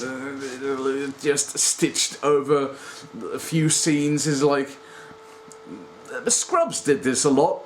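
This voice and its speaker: Guy in his 30s doing a chatty review, bouncy up and down voice, laughs at himself a lot. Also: fairly high pitch. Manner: animated, laughs often, self-deprecating. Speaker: video reviewer. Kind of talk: casual spoken review.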